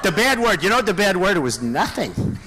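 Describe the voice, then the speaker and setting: Lively, high-voiced boastful rally speaker. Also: male voice, brisk. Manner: boastful, rambling, full of asides to the audience. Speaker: political candidate. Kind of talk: campaign rally speech.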